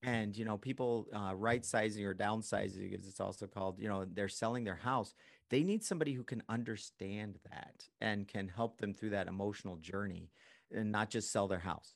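Guy with a lowish voice chatting on a podcast, laughs a lot, does little voices when he quotes people. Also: moderate pace, gravelly. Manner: lively, animated when quoting people, laughs easily. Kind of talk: casual conversational chat.

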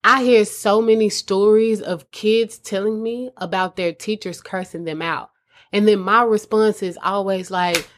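A woman hosts a casual advice talk for mothers, calling her listeners "mamas." Her mid-range voice is steady and measured, and she comes across as earnest and conversational.

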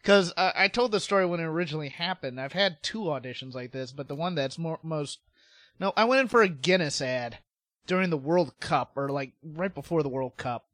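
A man's voice: fairly high pitch, brisk, fairly bright tone, dry recording. A man hosting a podcast, telling stories casually and laughing often. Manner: chatty storyteller, laughs often, frequent restarts. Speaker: podcast host. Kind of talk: casual chat.

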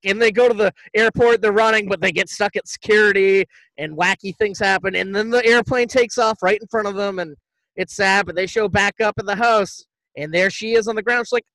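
High bright-voiced man recapping a movie. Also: brisk, dry recording, rough recording. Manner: rambling, profane, acts out quotes loosely. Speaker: podcast co-host. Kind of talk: casual movie recap chat.

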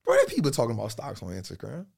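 A man in a casual podcast chat, telling stories in an animated, slangy way and repeating phrases for emphasis. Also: mid-range voice, very fast, creaky, husky.

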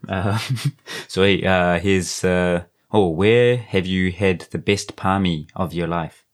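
A male podcast host with a very deep voice keeps things easygoing. He laughs along with his guest and reads out questions in a casual tone. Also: takes it slowly. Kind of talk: casual interview.

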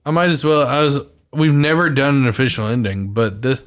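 A man hosting a podcast, talking casually and bluntly, swearing freely and slowing down to stress his points. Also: mid-range voice, lively intonation. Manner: blunt, profane, slows for emphasis. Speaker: podcast host.

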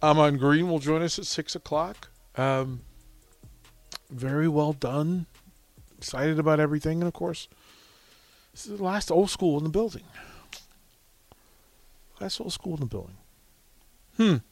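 Animated middle-aged male radio host. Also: on the high side, unhurried, long pauses, no room sound. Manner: animated, laughs often, rambling storytelling. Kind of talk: casual on-air chat. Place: radio studio. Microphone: studio microphone.

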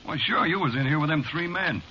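A sly bartender who drawls slang and needles his customer,, with a bright, sharp tone and a lively, bouncing pitch. It is an old radio recording, dull and faintly hissy. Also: fairly quick. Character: teasing, sinister male bartender.

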